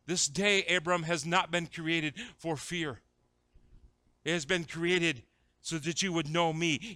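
Man, pastor, sermon, smooth crisp voice, dry close sound, dramatic shouted peaks. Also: fairly high pitch, steady tone, slow, no room sound. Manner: swings from conversational asides to shouted exhortation; acts out scripture voices dramatically.

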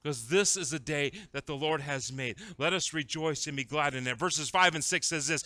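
A man preaching a sermon, shifting between conversational asides and shouted, dramatic retellings of scripture. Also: fairly high pitch, moderate pace, hardly any pauses, dry recording. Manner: acts out scripture voices dramatically. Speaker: pastor.

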